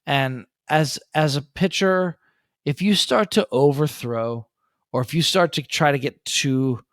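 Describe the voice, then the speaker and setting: A man's voice: on the high side, measured pace, dry recording, studio quality. A man co-hosting a sports betting podcast, giving earnest analysis in casual chat with frequent ums. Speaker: podcast co-host.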